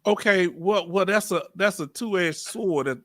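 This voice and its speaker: A man with a Southern accent hosts a live question-and-answer chat, pressing his guest with blunt, searching questions. His voice is sharp and bright, and it sounds close and dry. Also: high-pitched, unhurried, dry recording. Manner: direct, probing, casual slang. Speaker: channel host.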